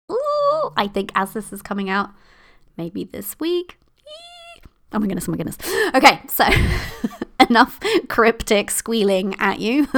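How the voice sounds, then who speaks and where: A woman hosting her own podcast, bubbly and playful, going sing-songy when she gets excited. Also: medium pitch. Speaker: podcast host and success coach. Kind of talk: solo podcast talk.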